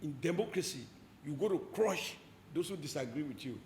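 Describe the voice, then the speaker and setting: A Nigerian man speaking as a politician in an interview, forceful and rhetorical, hammering home short repeated phrases. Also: a little high, expressive, brisk, roomy sound, a little hiss or hum.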